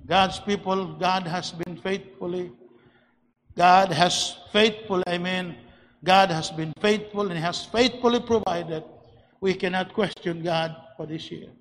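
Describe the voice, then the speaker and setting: High-voiced preacher in an echoing hall. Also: male voice, fairly even intonation, a little slow, slight background noise. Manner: swings from quiet to shouted emphasis; repeats and restarts words while building points. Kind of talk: sermon. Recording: long hall reverb.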